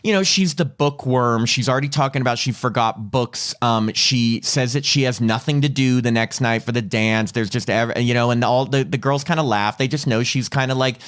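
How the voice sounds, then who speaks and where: A man's voice: medium pitch, normal speed, few pauses, clear, resonant tone. A man co-hosting a podcast, reviewing a horror film in casual chat and acting out its lines. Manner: animated, acts out lines from the film. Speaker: podcast co-host.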